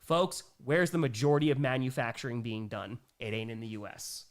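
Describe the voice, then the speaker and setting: A man's voice: mid-range voice, animated, fairly quick. A young man hosting a casual livestream Q&A, reading viewer messages aloud and reacting emphatically. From New York. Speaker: livestream host.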